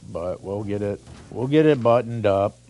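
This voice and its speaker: A man's voice: fairly low pitch, expressive, moderate pace, mellow, soft background music. A man giving casual, profane, rambling commentary while playing a video game, hosting his own channel. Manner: profane, rambling, laid-back. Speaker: gaming channel host.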